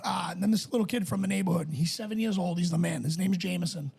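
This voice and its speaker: A middle-aged man with a high voice that crackles with gravel. He sounds deeply husky and rough, trading stories with plenty of swearing in a relaxed podcast chat. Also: fast talker. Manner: animated storyteller, swears freely. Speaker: podcast co-host. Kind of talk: casual chat.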